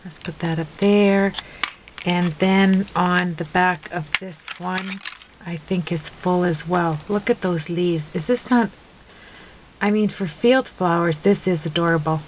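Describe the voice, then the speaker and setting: A woman's voice: on the low side, fairly even intonation, unhurried, slight background noise, rough recording. A woman chatting casually while making a card, giggly and rambling, laughing at herself. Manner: giggly, rambling, self-mocking. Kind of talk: casual crafting video chat.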